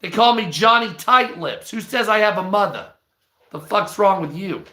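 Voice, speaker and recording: A man's voice: high-pitched, lively intonation, moderate pace, pushed and bright. A man doing a shifty wise-guy mobster. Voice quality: evasive, wise-guy tough talk. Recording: roomy echo.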